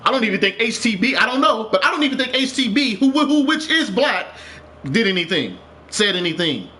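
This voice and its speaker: A man's voice: extremely high pitch, big pitch swings, fairly quick, bright, forceful tone, a little hiss or hum. A man streaming a game live, ranting with passion, repeating himself and swearing. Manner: impassioned, repetitive, swears, rising to urgent.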